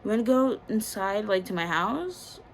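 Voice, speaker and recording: A pushy young man, manipulative and insistent, speaking low and quiet, as a woman imitates him while telling her story. He presses the same demands again and again in a soft tone. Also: expressive, moderate pace, slight background noise, natural voice. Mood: coaxing.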